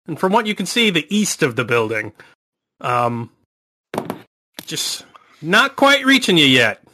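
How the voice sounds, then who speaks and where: Male game master, bright voice, rambling hesitant narration. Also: a little high, very animated, a little slow. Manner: rambling, hesitant descriptions with many fillers. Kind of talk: narrating a tabletop horror game.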